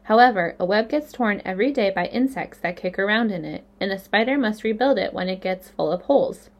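Woman narrator, children's book read-aloud, clear and expressive, mid-pitched. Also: a little fast. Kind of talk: reading a children's novel aloud.

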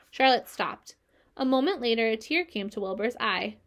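Gentle woman reading a storybook. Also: a little high, animated, normal speed. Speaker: reader. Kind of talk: reading a children's book aloud.

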